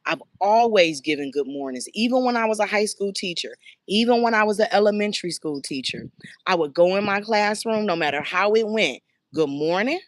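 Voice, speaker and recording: A woman's voice: medium pitch, brisk, no echo. A woman who runs a child care center, speaking casually and emphatically, acting out bits of conversation. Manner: emphatic, animated storytelling with acted quotes. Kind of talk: casual talk to camera.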